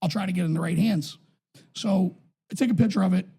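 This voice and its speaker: Male co-host, 30s, from New England; husky, gravelly, rambling and profane. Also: fast, dark tone. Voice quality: voice higher than his build suggests. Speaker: podcast co-host and youth football coach. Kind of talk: casual podcast chat.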